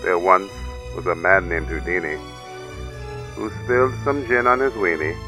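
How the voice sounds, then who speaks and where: A man's voice: deep voice, moderate pace, over music, voice pushed down. A man putting on a pompous orator with a bad imitation English accent, declaiming a mock-grand comedy monologue in a solemn, theatrical way. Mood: grandiose.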